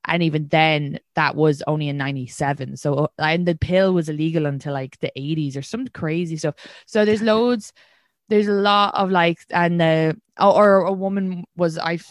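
A woman's voice: deep voice, moderate pace, dry recording, clean studio sound. A young Irish woman hosting a podcast, chatting candidly and swearing freely, with lots of fillers. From Ireland. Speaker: podcast host. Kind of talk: casual chat.

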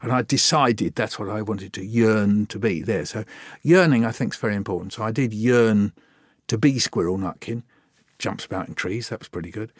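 A man's voice: on the low side, moderate pace, slightly rough, no echo, studio quality. An older man, a guest poet and children's author telling anecdotes in a conversational interview and acting out remembered dialogue. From Britain.

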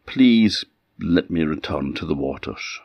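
A man with an Orkney accent voicing a calm, gracious magic golden fish that speaks in a gentle, measured way. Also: extremely low pitch, slightly rough, full character voice. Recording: dull lo-fi sound.

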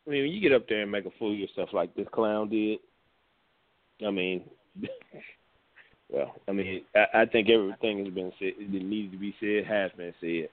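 A man's voice: on the low side, normal speed, pauses often, dry recording. A man co-host in casual panel talk, blunt, heated and profane. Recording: dry phone-like audio.

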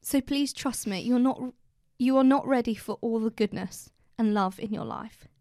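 A British woman with a fairly high voice, co-hosting a chatty podcast. She talks gently and reassuringly, moving between casual chat and reading aloud. Her voice sounds close and dry, with no room around it. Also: moderate pace, dry recording. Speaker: podcast co-host.

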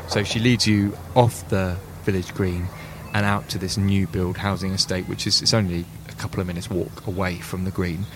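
A man narrating as game master, describing scenes casually and with plenty of fillers. His voice sits a little low. The recording has a clear, steady hiss behind it. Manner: relaxed, conversational, with frequent fillers.

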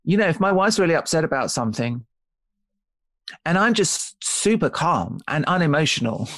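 A man's voice: on the high side, sing-song, normal speed, fairly bright tone, dry recording. Man explaining with restarts, dry close sound. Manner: thoughtful, explains with many restarts and "right?" checks. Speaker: author and guest. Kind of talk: conversational podcast interview.

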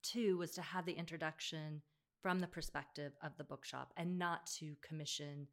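Low-voiced woman in relaxed book chat. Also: moderate pace. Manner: thoughtful, with frequent fillers and restarts. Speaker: bookshop podcast host. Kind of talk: casual conversational discussion.

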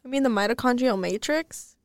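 Giggly high-voiced young woman co-host. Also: fairly quick, dry recording, clean studio sound. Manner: giggly, animated, swears casually. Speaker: podcast co-host. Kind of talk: casual chat.

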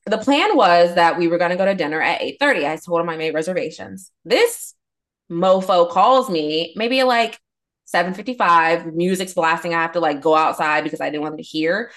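A woman's voice: fairly low pitch, brisk, a bit bright. A young woman co-hosting a podcast, telling a story in casual chat and filling it with constant "like"s. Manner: rambling storyteller, constant "like" fillers. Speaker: podcast co-host.

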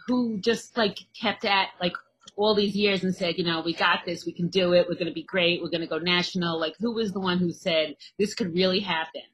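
A woman's voice: lowish voice, fairly even intonation, brisk, a bit bright, a little hiss or hum, low-quality recording. A woman interviewing a guest in a friendly, encouraging way, with many fillers. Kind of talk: casual interview chat.

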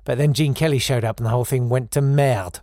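A man co-hosting a comedy podcast, riffing quickly and jokily with little stammers. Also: medium pitch, fairly even intonation, warm tone, no echo, clean studio sound. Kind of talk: comic riffing.

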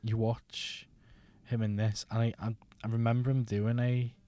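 A man's voice: mid-range voice, little pitch movement, normal speed, dark tone. A young man co-hosting a casual film review chat, talkative and prone to trailing off into mumbles. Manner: chatty, trails off, drops to mumbles. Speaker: film podcast co-host.

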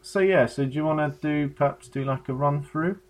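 A man's voice: on the high side, a little fast. A man in casual comedic banter, teasing and often giggling as a co-host.

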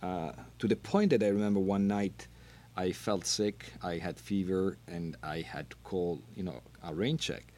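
A middle-aged man from Italy with an Italian accent, a non-native speaker telling stories as a guest in a casual interview, animated and laughing, with halting phrasing. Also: deep voice. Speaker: podcast guest, wine brand manager.

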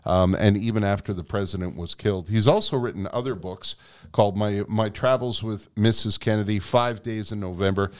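A man's voice: fairly low pitch, fairly quick. A middle-aged man co-hosting a podcast, chatting casually and rambling with lots of fillers. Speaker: podcast co-host. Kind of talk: casual chat.

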